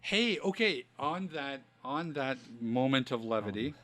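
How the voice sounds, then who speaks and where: A man's voice: mid-range voice, unhurried, no room sound. Man hosting a podcast, dry close sound. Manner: relaxed, frequent "you know" fillers. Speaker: podcast host. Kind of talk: casual chat.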